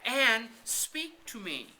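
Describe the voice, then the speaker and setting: A man's voice: sing-song, extremely slow, sharp tone, full character voice. A man voicing a frightened, anxious young girl in a storybook reading. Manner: anxious, shrill.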